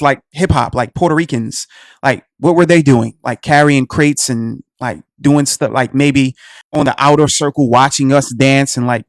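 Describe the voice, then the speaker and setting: Addressing his listeners as "family," a radio talk show host from the United States with a Black American English accent delivers an impassioned, preachy monologue. His voice is a little high, and the recording is dry and clean, with studio sound.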